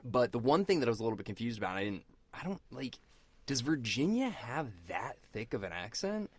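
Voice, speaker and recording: Animated, chatty male podcast host. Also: medium pitch, fairly quick, breathy edge. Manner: animated, chatty, lots of fillers. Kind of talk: casual chat.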